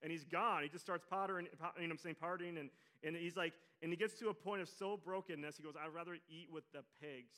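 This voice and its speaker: Male pastor, bright and a touch high, animated sermon delivery with congregation asides. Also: fast talker, few pauses. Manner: reads scripture quietly then preaches loudly, animated, addresses congregation.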